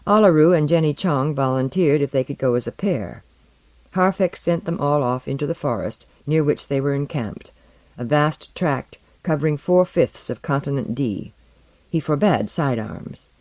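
A man narrating a story in a measured, expressive scripted reading. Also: fairly high pitch, no echo. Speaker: audiobook narrator.

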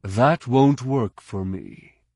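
A man reading as a sly smooth officer. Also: mid-range voice, extremely slow, no echo, studio quality, heavily acted. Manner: amiable, even, quietly menacing.

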